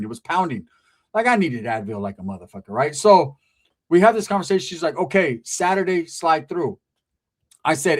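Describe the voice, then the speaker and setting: Storyteller, male, slightly high voice, foul-mouthed and lively, does all the voices himself. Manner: animated, acts out every quoted voice; profane, slangy street talk with Spanish words. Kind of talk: casual storytelling.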